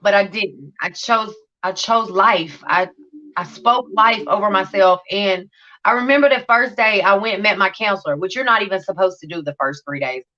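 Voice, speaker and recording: A woman's voice: medium pitch, normal speed, sharp tone, highs cut off. A woman telling her recovery story in a livestream interview, blunt and profane, acting out scenes as she talks. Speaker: guest sharing recovery story.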